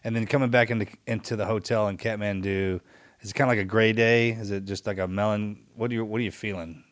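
A man's voice: lowish voice, steady tone, quick pace. A man hosting a podcast in casual chat, joking with his guest and asking her questions. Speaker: podcast host.

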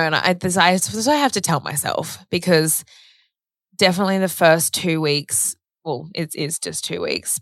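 This low-sitting female voice belongs to a young podcast co-host having a casual chat. She speaks candidly and with emotion, saying "like" constantly and swearing now and then, captured in a dry, clean studio recording.

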